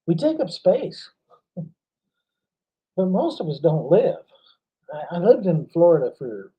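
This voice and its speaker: A man giving an animated motivational talk, telling stories with frequent laughs and emphatic jumps in pitch. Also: husky, rough recording. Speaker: motivational speaker.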